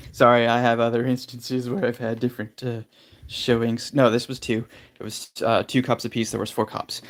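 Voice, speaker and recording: A man hosting a casual livestream, telling a rambling childhood story with fillers, self-corrections and quoted dialogue. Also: mid-range voice. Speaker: livestream host.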